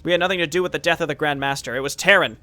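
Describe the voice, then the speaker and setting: A man plainly reads out a summoned fire spirit who was once a man, solemn and earnest as he pleads his case in a strategy game. The voice sits fairly high and sounds bright and forceful. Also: racing, no room sound. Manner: read aloud from game text, plain.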